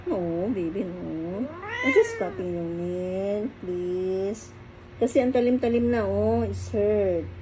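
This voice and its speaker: Filipino woman coaxing her cat, slow. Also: mid-range voice, big pitch swings, background noise. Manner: coaxing, soothing baby talk to a cat, mixing two languages. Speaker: pet owner cutting her cat's nails. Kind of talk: casual talk to a pet.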